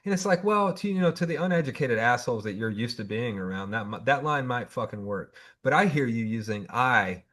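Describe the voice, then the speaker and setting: A Southern man hosts a casual podcast interview with a medium-pitched voice. He talks bluntly and heatedly and swears often. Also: animated, brisk, few pauses, a bit bright. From Southern United States. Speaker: podcast host, Marine veteran.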